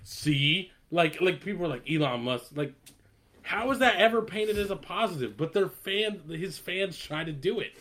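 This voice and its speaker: A man's voice: sits high, lively intonation, normal speed, a bit bright. A man in casual chat, ranting with lots of swearing and laughter. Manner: ranting, profane, laughing often.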